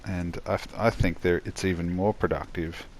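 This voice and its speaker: Tired male gameplay narrator with a deep, gravelly voice and an unhurried, meandering delivery, soft hiss in the background. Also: fairly even intonation. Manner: rambling, halting, many restarts and fillers. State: tired, yawning. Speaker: gameplay commentator. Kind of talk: relaxed gameplay voice-over.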